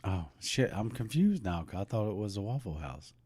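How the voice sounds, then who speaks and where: A man's voice: lowish voice, sing-song, mellow, breathy edge, dry recording. Joking middle-aged man, podcast co-host. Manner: joking, playful, halting. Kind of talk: casual podcast chat.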